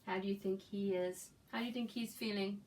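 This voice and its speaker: A woman teacher reading a picture book to young children, asking gentle coaxing questions and dropping into whispers. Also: medium pitch, fairly even intonation, brisk. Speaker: preschool teacher. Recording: distant mic with faint background noise.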